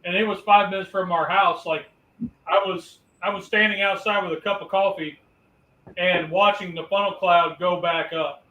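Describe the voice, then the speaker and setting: Brief: easygoing male chatter, high-ish voice, faint background noise. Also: fairly even intonation, moderate pace, lo-fi sound. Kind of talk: casual chat. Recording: roomy distant mic with faint noise.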